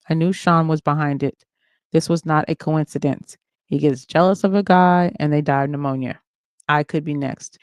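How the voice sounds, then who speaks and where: A man narrating a dramatic first-person memoir in a steady, matter-of-fact way. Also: a little high, dry recording, studio quality.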